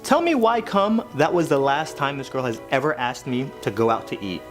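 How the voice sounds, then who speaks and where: A man's voice: medium pitch, normal speed, faint music behind. A man telling a comedic story as a YouTuber, acting out the voices of the people he quotes. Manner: animated, acts out quoted voices.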